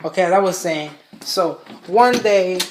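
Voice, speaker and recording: A man's voice: high voice, measured pace, a little hiss or hum. A young man from Mexico telling a casual storytime tale, rambling with constant fillers and heavy swearing. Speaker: vlogger.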